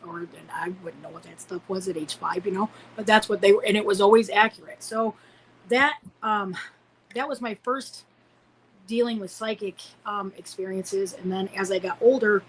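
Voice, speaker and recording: A woman's voice: medium pitch, slight background noise, rough recording. A woman in her forties from Illinois, a podcast guest telling personal stories in a rambling way, full of fillers and restarts. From Illinois, United States. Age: 40s. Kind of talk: casual storytelling interview.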